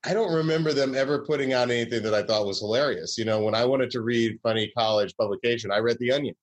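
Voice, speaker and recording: A man's voice: mid-range voice, fast talker. Rambling man from the American South. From Southern US, Georgia. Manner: rambling, self-correcting, wry storytelling. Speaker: comedy writer guest. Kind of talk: casual interview chat.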